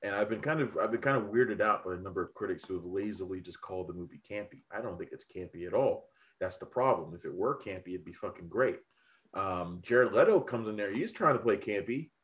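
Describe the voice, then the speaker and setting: Man, low voice, tinny phone-like sound, rambling, profane, casual film talk. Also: brisk. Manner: rambling, profane, animated opinions. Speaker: film critic podcast host. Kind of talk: casual review chat.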